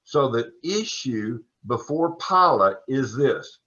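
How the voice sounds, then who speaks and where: A man teaching an adult Sunday school class, lecturing on scripture in a relaxed, chatty way with folksy asides. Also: medium pitch, slow. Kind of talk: conversational Bible lecture. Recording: dull lo-fi recording.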